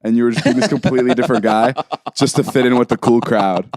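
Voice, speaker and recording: A man's voice: mid-range voice, fairly even intonation, fast, darkish tone, no echo, clean studio sound. A man in his twenties co-hosting a podcast, chatting casually and joking around with frequent laughs. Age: 20s. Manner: playful, joking, laughs often. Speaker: podcast co-host.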